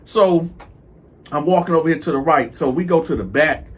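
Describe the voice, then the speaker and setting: A man telling a story for his video channel, animated and profane, stammering through repeats and acting out what others said. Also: fairly high pitch, moderate pace, a little hiss or hum. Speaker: YouTube storyteller.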